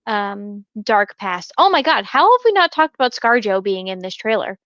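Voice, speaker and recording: A woman's voice: mid-range voice, big pitch swings, moderate pace, fairly bright tone, no echo, muffled recording. A young woman co-hosting a casual fan podcast, chatty and full of fillers as she talks. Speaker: podcast co-host.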